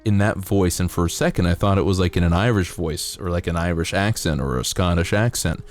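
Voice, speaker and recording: A man's voice: a little fast, soft background music. A man streaming casually while building a model kit, rambling and joking, his throat dry. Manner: rambling, jokey, bursts into silly high voices and singing.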